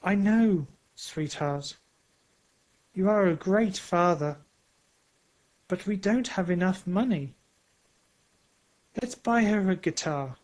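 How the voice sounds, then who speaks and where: A man voicing a kind, practical wife and mother in a storybook, talking gently and reasonably. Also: high-pitched, animated, slow pace, long pauses, pitched above the performer's own voice, low-quality recording. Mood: coaxing.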